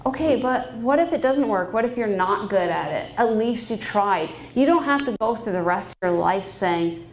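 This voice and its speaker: Speaking in a banquet hall, a Canadian woman in her thirties, a private pilot and guest speaker, shares a frank, cheerful personal story at a fundraiser, laughing frequently. Her mid-range voice is lively at a moderate pace. The low-quality recording has a little hiss or hum.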